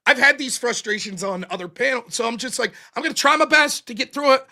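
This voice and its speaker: A man hosts a debate show and recaps the debate with heat and plenty of swearing. His pitch leaps all over as he talks. His tone is bright and forceful. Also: quick pace. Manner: animated, profane, quotes opponents in mocking voices. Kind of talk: heated post-debate recap.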